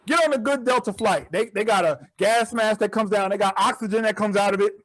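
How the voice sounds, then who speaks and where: A man does stand-up comedy virtually via video call, spinning stories with animated bursts of disbelief. He speaks fairly quickly in a high-pitched voice, with no echo.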